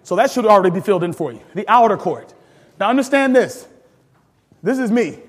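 A high-pitched male pastor leads a teaching sermon, calling out to the congregation for answers and amens. His voice rings with a long church-hall reverb as he laughs and climbs into sudden emphatic peaks. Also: brisk. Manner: animated, call-and-response preaching with laughter and sudden emphatic rises.

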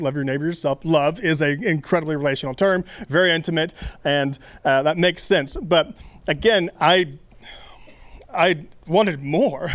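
A man's voice: on the high side, no echo. A young man giving a casual, conversational sermon, with many fillers and restarts. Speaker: preacher.

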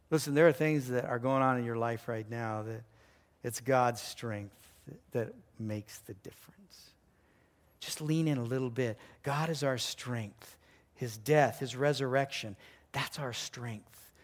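A man preaching a sermon as pastor, telling a story earnestly, with sudden excited rises and quiet drops. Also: medium pitch, moderate pace.

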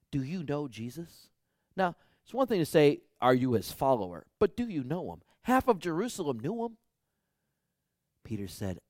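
Dramatic male preacher, loud to whispered. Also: medium pitch, dry recording, clean studio sound. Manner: repetitive exhortations. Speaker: pastor. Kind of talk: sermon.

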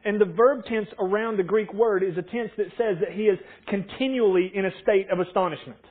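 Conversational preacher on a tinny broadcast. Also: male voice, high-pitched, brisk, breathy edge, soft background music. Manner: conversational, animated storytelling with acted-out quotes. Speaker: pastor. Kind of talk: sermon.

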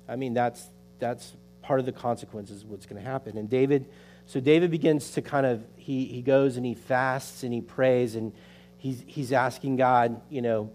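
A man's voice: mid-range voice, moderate pace, darkish tone. A man preaching a sermon, retelling a story in a loose, conversational way with many fillers. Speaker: pastor.

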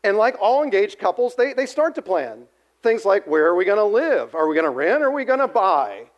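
Male pastor, high-pitched, animated storytelling sermon with audience call-outs. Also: brisk, muffled recording. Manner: animated storytelling, acts out quotes, asks the audience.

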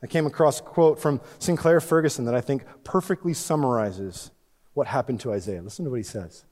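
A man preaching a sermon as pastor, swinging between loud emphatic lines and hushed ones. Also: mid-range voice, brisk. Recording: long reverb of a large hall.

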